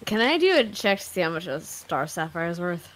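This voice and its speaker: A woman's voice: on the low side, sing-song, brisk, fairly bright tone. A woman chatting as a player in an online tabletop game, trailing off and correcting herself over a desktop mic. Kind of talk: casual chat at a tabletop game.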